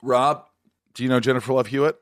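A man hosting a podcast interview, talking in an animated, joking and teasing way. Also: mid-range voice, fast talker, dry recording, studio quality. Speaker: podcast host. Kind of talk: casual interview chat.

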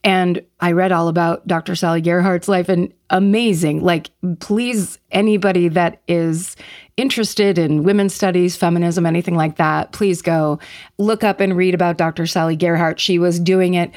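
A woman with a Californian accent, co-hosting a podcast in casual, rambling chat, with some vocal fry. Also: on the low side, steady tone, moderate pace, darkish tone. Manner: chatty, rambling, reads listener notes aloud. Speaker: podcast co-host.

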